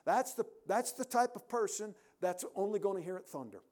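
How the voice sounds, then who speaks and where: A man preaching a sermon in a church, emphatic, rising to loud peaks and dropping to quiet endings. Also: sits high, animated, fairly quick.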